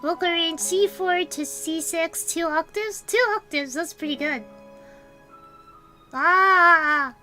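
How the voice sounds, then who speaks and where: A woman streams a relaxed chat, her voice high and bright as she rambles and giggles through replies to viewers. Faint music plays underneath. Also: moderate pace, hardly any pauses, rough recording. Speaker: VTuber streamer. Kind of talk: casual livestream chat.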